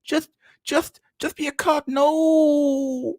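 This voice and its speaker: A man's voice: extremely high pitch, level tone, very slow, a little mellow, dry recording, pitched above the performer's own voice, exaggerated voice. A man putting on a whiny, emphatic young male voice that keeps insisting.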